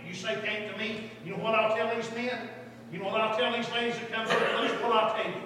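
A man's voice: high-pitched, brisk. Preacher guy, fiery sermon storytelling, ringing church hall, room noise behind. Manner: impassioned storytelling, swelling into loud emphatic cries. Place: large echoey church hall. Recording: distant mic in a large echoing hall.

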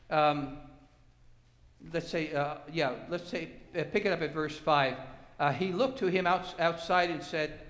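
High pitched pastor guy preaching, earnest, lots of uhs, big echoey church reverb. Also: fairly bright tone. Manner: earnest preaching with dramatic rises, restarts and fillers. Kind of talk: sermon. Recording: echoey hall with long reverb.

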